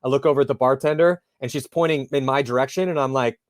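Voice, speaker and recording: Man, interview host, casual and animated storyteller, dry close sound. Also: mid-range voice, fast, dry recording. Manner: animated storyteller acting out dialogue.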